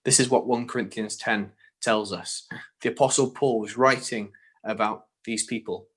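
A man's voice: lowish voice, fairly even intonation, moderate pace, breathy edge. A man preaching a sermon, earnest and direct, often posing rhetorical questions to his listeners.

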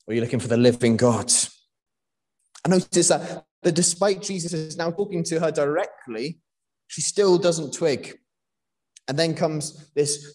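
A man's voice: fairly high pitch, a little mellow. A young man from Wales preaching a sermon in a conversational way, with frequent fillers and restarts.

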